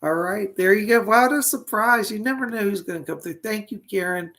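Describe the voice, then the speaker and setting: A man's voice: sits high, fairly quick, creaky, a bit bright. A man hosting a live online psychic reading, talking chattily, greeting viewers by name, and losing his voice.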